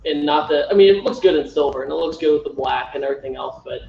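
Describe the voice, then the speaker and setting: A man's voice: fairly high pitch, fast talker, creaky. A man giving a casual, enthusiastic car review as a guest on the stream. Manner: enthusiastic, animated. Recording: echoey, dull lo-fi audio with faint noise.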